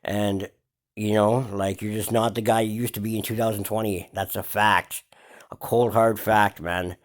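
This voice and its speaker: A man's voice: fairly low pitch, flat delivery, normal speed. A man hosting a hip-hop gossip vlog, ranting in a mocking tone full of slang, swearing and fillers. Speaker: vlog host. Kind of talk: profane hip-hop gossip commentary rant.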